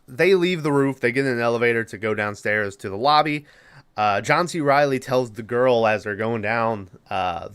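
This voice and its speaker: Podcast host, male, mid-pitch, loose profane rambling recap with quick mock voices. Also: fairly bright tone, smooth. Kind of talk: casual movie recap.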